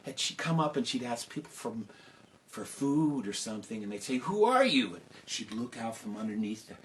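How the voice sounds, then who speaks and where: A man telling a folk tale to children, lively and conversational with casual asides. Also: on the low side, a little fast, slight background noise, low-quality recording. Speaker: storyteller. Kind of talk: oral storytelling for children.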